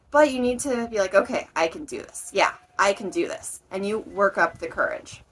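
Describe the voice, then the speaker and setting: Woman English teacher, slow, careful delivery, somewhat high voice, acts out examples. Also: fairly bright tone, poor audio. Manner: slow, clear explanations with acted example lines. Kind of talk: explaining vocabulary to learners.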